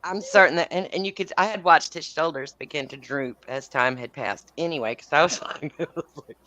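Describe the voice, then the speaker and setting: A woman's voice: low voice, a little fast, a bit bright. A woman telling a story in casual chat. She is blunt and profane and laughs as she talks. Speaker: podcast host.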